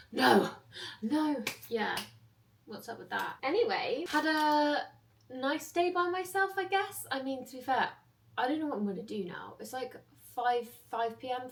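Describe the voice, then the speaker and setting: A woman's voice: a little high, recorded from a distance. Chatty young woman vlogging. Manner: chatty, self-mocking, rambling storytelling. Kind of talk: casual vlog chat.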